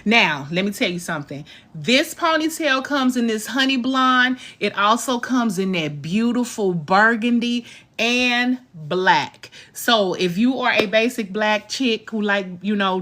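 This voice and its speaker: Chatty woman hosting a hair tutorial. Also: on the high side. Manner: chatty and animated, calls viewers "girl" and "y'all". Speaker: hair tutorial host selling a ponytail. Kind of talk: casual live-stream tutorial and product pitch.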